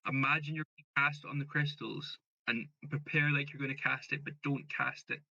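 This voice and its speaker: A man's voice: medium pitch, fairly even intonation, brisk, gravelly, sharp tone, no echo, dull audio. A man narrating as game master of a tabletop role-playing game, telling the story steadily and quoting characters plainly.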